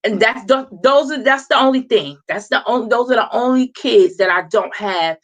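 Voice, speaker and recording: A woman's voice: on the high side, moderate pace. A woman in her thirties, hosting a show, tells a casual story with lots of laughter and acts out the voices of the people in it. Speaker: host.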